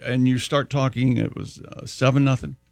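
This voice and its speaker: A man's voice: mid-range voice, fairly even intonation, normal speed, creaky, a little mellow, no echo, clean studio sound. A man reading sports scores and odd news on a morning radio show, in casual banter with jokes. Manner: joking, plays out scenes in a mock pep-talk.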